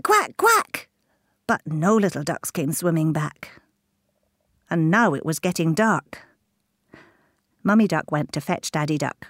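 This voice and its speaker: A woman reading a children's story aloud, animated and dropping into whispers at times. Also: low voice, no room sound, clean studio sound.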